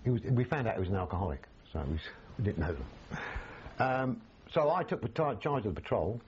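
A man's voice: fairly low pitch, a little fast, muffled recording, slight background noise. Older man telling war stories. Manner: animated, acts out quoted voices, frequent restarts. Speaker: army veteran interviewee. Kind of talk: storytelling reminiscence.

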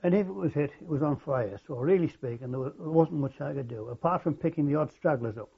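An older man recalling his wartime service in an oral history interview, halting and reflective, with many fillers and restarts. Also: fairly high pitch, creaky, husky. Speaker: war veteran interviewee. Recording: dull lo-fi recording.

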